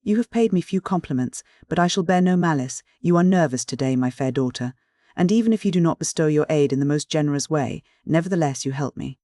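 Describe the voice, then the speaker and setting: A man's voice: a little high, brisk, warm tone, no echo, studio quality, natural voice. A man voicing a bankrupt old noble father, flowery, mocking and cynical in a storybook reading.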